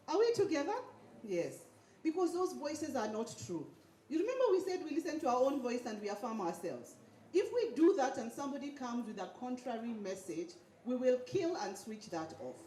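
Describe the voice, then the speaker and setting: A woman's voice: sits high, warm tone, slight background noise. A woman giving a motivational speech at a graduation, leading the audience in call-and-response chants. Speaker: speaker at a graduation ceremony. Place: event hall with an audience. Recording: echoey hall.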